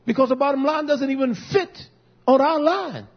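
A man preaching as pastor, telling stories and quoting himself in an animated way. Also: extremely high pitch, moderate pace, lo-fi sound. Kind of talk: sermon.

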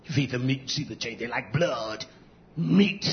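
A man preaching an impassioned sermon, swinging between low mutters and shouted outbursts, drawing out and repeating words for emphasis. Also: moderate pace, slight background noise. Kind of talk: fiery sermon. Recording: dull lo-fi recording.

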